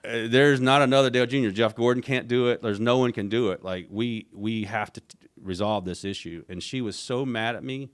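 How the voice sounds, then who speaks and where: A middle-aged man, an interview guest recounting a story in a casual, animated way, acting out what others said. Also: on the low side, moderate pace. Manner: animated retelling, acts out quoted voices, frequent restarts. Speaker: interview guest, former team executive.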